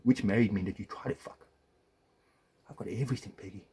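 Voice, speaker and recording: A man's voice: lowish voice, brisk, dark tone, a little hiss or hum. A man, an estranged father, delivering an angry, profane video rant with accusations, swinging between muttered asides and raised confrontation.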